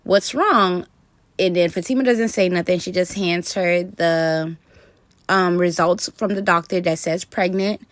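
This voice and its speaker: A woman's voice: lowish voice, fairly even intonation, moderate pace, no room sound. A woman talking casually about a TV show, rambling with fillers as she works through her ideas. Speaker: TV commentator. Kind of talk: casual commentary vlog.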